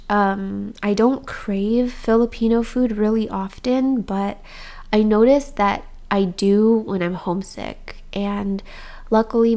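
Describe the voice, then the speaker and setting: A woman's voice: mid-range voice, dark tone. A young woman talking candidly in a personal vlog, stuffy and congested after crying, rambling with many fillers. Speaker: vlogger.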